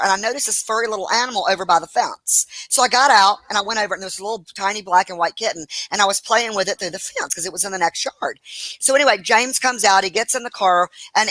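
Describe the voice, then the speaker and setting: Animated, rambling woman with a bright voice. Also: mid-range voice, no room sound, low-quality recording. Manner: animated storyteller, rambling, laughs easily. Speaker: cooking show host. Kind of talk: casual chat while cooking. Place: home kitchen.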